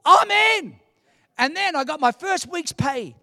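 A man in his sixties preaching a sermon in church, animated and humorous, with emphatic delivery. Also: extremely high pitch, a little slow, gravelly, no echo, clean studio sound. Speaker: pastor.

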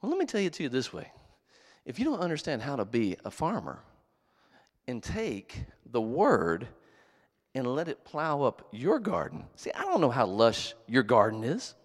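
A middle-aged man preaching a sermon as a pastor. He tells jokes and stories and shouts for emphasis. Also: medium pitch, normal speed. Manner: animated, joking storyteller who shouts for emphasis. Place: church hall. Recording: long reverb of a large hall.

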